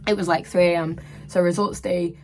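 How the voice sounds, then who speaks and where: A twenty-year-old woman from England, telling a personal story casually in her room, animated and full of "like" and "literally". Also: on the low side, brisk, poor audio. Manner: animated, breathless retelling with lots of "like" and "literally". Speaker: vlogger. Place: her own room at university.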